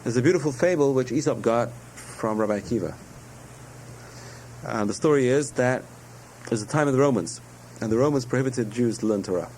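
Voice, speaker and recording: A man's voice: mid-range voice, darkish tone, a little hiss or hum, poor audio. A man giving a spoken Torah lesson, telling parables with digressions and self-corrections. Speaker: rabbi teaching a class.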